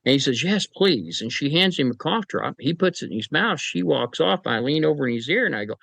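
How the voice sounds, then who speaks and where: A man's voice: a little high, animated, quick pace, vocal fry, fairly bright tone, dry recording, rough recording. A man being interviewed on a podcast, telling folksy anecdotes about his paranormal team and often acting out the people in them. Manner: folksy anecdotes, acts out voices in quotes, chuckles. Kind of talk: casual storytelling interview.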